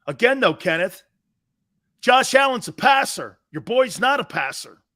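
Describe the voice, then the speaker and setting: A middle-aged live sports talk host with a sing-song delivery keeps a measured pace. Brash and plain-spoken, he swears freely and jumps from loud bursts to hushed asides.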